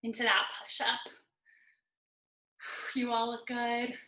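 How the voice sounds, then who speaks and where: A high-pitched woman coaching a workout, her voice strikingly bright and sharp as she counts down and cues form. She sounds slightly out of breath between cues, and the room around her rings with echo. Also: little pitch movement, slow. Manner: upbeat coaching, counting down reps, joking asides. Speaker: fitness instructor. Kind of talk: live online workout class instruction. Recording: roomy echo.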